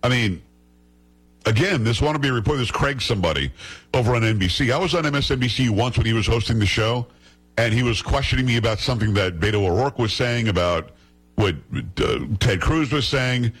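A man's voice: mid-range voice, brisk, breathy edge. A male host giving indignant political commentary, full of sarcasm and rhetorical questions.

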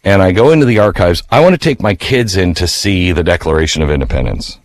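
A man with a fairly low voice hosts a radio talk show and tells a story in a casual, conversational way. He is animated and emphatic, and his pitch leaps up sharply when he gets worked up. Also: fast talker.

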